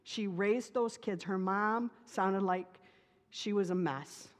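A middle-aged woman pastor giving a sermon, telling personal stories in a lively, playful way. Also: medium pitch, takes it slowly. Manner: lively, animated storytelling with playful humor. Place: church sanctuary. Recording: reverberant church sanctuary.

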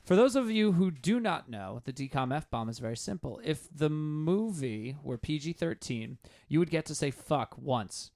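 A man hosting a casual movie podcast, retelling scenes with lively, acted-out quotes. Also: fairly high pitch, normal speed, gravelly, few pauses. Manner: animated storyteller, acts out quotes. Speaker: podcast host.

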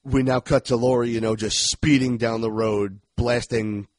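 A man co-hosting a movie review podcast, talking casually and animatedly, swearing and acting out lines in loud put-on voices. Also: mid-range voice, steady tone, moderate pace, no echo. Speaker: podcast co-host.

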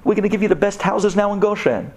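A man's voice: high-pitched, lively intonation, fast, a little mellow, voice pushed up. Fawning Egyptian tempters, as a man puts them on. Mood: coaxing. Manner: wheedling, falsely friendly. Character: fawning ancient Egyptians coaxing slaves to stay.

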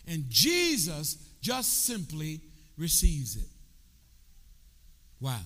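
High, lively preacher man in a hall. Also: unhurried. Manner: call-and-response with the congregation; builds from quiet explanation to shouting. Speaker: bishop preaching. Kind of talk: sermon. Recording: long reverb of a large hall.

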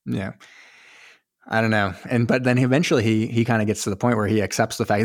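A man's voice: lowish voice, fairly even intonation, fairly quick, dry recording. Rambling man recapping a movie, dry sound. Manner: rambling, jokey, acts out characters' lines. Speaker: podcast co-host. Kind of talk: casual movie recap chat.

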